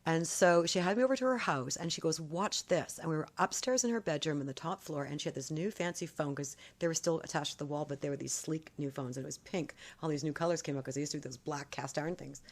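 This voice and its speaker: A woman's voice: low-pitched, fast talker, hardly any pauses. A woman in a casual vlog, telling a long story in an emphatic, accusatory way, often repeating her points. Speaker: vlogger.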